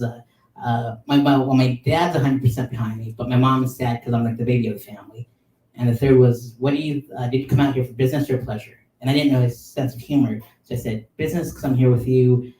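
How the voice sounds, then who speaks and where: Podcast man, thirties, rambling storyteller with a mellow tone, mic a bit far off in an echoey room. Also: medium pitch. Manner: animated, filler-heavy with many likes and ums. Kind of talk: casual storytelling. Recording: roomy sound, mic at a distance.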